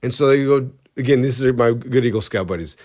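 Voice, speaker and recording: With a medium-pitched, slightly mellow voice and a pace that runs a little fast, this man co-hosts a podcast. He tells a rambling, funny story in a casual way, often breaking off mid-sentence.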